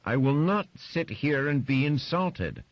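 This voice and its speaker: A man voicing a shrill, bitter middle-aged mother who accuses everyone around her, in a dry, slightly muffled recording. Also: sing-song, unhurried, no room sound. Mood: accusing.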